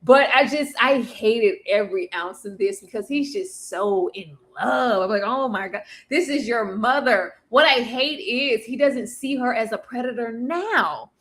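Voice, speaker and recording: A woman co-hosting a casual episode recap, animated and laughing as she acts out characters' lines. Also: a little high, a little slow, hardly any pauses. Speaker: podcast co-host.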